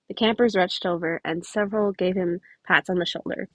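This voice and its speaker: Reading a fan story aloud, a woman on a close home mic keeps fumbling words, restarting phrases and drifting into chatty asides. Her voice is on the low side with fairly even intonation, fairly quick with few pauses. The recording is fully dry, without any room echo.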